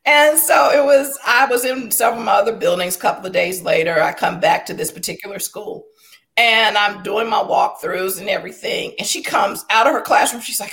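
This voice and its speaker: A woman's voice: medium pitch, normal speed, a bit bright. A woman educator telling a story in a panel conversation, emphatic and repeating phrases for effect. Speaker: educator and former school improvement consultant.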